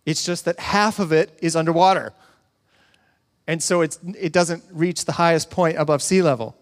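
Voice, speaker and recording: A man's voice: on the high side, fairly even intonation, moderate pace. A man preaching a sermon in a conversational style, with humor and asides to the congregation. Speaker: pastor. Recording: long hall reverb.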